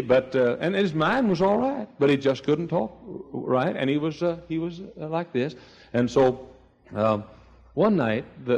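An older man preaching a sermon, telling stories with emphatic swings between loud and hushed delivery. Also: fairly high pitch, vocal fry. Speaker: pastor.

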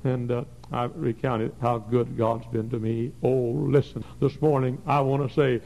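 A man in his forties preaching a fervent sermon in a church, his voice swinging from soft passages to loud, high bursts. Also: level tone, a little slow, vocal fry, hardly any pauses, low-quality recording. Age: 40s. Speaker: pastor. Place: church sanctuary.

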